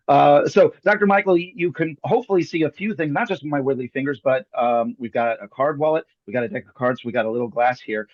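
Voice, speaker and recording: A man's voice: a little high, fast talker, hardly any pauses, no echo, lo-fi sound. A man hosting a live magic show, performing a card trick over a video call with jokey, theatrical patter. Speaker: magician host.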